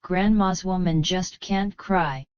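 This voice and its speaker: A woman's voice: on the low side, takes it slowly, smooth, no echo. A woman reading as a cheeky young male martial hero. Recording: slightly dull, muffled.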